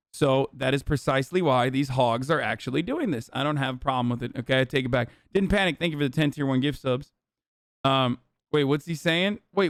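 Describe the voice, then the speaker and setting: A man's voice: fairly high pitch, no echo, studio quality. A man streaming live, reading and reacting to his chat in casual, profane, sarcastic commentary. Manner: animated, sarcastic, swears often.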